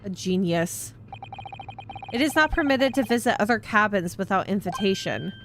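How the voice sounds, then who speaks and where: A blunt, dismissive sailor guard voiced by a woman reading game dialogue, talking in clipped, broken English. He sounds surly and rude, and the lively pitch moves up and down. Light background noise sits under the voice. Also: normal speed, close to an everyday voice. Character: rude gruff male sailor guard, young.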